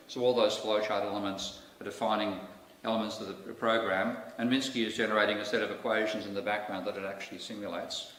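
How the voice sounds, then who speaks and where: A man's voice: fairly low pitch, a bit bright. A man with an Australian accent giving a public lecture in a wry, candid way, full of asides. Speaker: guest lecturer. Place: lecture hall. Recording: echoey hall, distant mic, faint noise.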